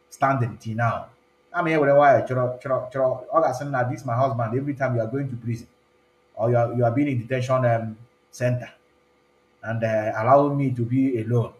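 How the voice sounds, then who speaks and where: An online show host runs a casual live stream, chatting freely and switching among English, Igbo and pidgin. His mid-range voice has a darkish tone, and the room around him is spacious and echoing.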